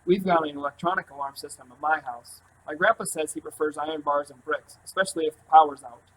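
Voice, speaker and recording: A man voicing a friendly, joking young man who likes to flatter. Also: a little high, quick pace, a little hiss or hum, natural voice, rough recording. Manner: easygoing, joking. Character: friendly, flattering young male trumpet player.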